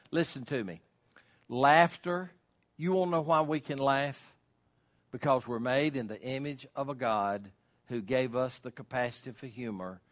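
A man's voice: mid-range voice, fairly bright tone. An older man preaching a sermon as pastor, folksy and emphatic, asking rhetorical questions.

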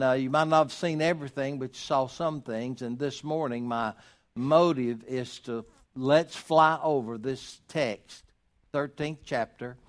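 Folksy pastor preaching. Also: male voice, medium pitch. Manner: folksy, sarcastic asides, emphatic. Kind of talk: sermon.

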